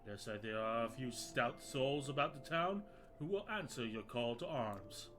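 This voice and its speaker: A man voicing a dutiful male guild official, reading his game lines in a formal, measured way. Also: medium pitch, expressive, over music, natural voice. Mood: firm, formal. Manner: formal, measured, slightly raised.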